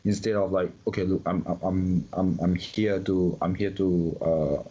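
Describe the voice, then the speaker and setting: A Singaporean man chatting casually in a fairly low voice, tripping over his words and repeating himself as he gets animated. The recording sounds muffled and lo-fi. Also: a little slow. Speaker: guest. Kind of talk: casual conversation.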